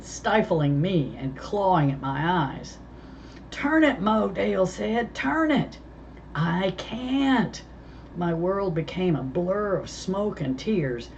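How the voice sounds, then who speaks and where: Low-voiced woman reading a storybook slowly. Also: a little mellow. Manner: measured, unhurried reading with small stumbles. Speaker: reader. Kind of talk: reading a novel aloud. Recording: dull lo-fi with faint hiss.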